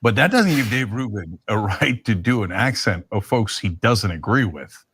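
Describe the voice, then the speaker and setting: Male co-host, animated and sarcastic, wide pitch range. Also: normal speed, breathy edge. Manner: animated, sarcastic, laughs while talking. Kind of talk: casual political commentary.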